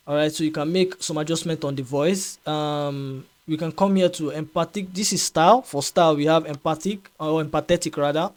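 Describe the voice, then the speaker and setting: Chatty man walking through a software tutorial. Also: a little high. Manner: chatty, repeats himself, frequent fillers and "right?" checks. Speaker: tutorial host. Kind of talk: casual screen-recorded software tutorial.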